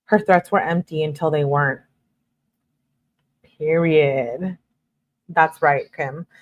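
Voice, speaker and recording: A woman's voice: deep voice, takes it slowly, muffled recording. A woman reads a couple's text messages aloud and breaks in with sarcastic, exasperated remarks. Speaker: true crime commentator. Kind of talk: reading texts aloud with commentary.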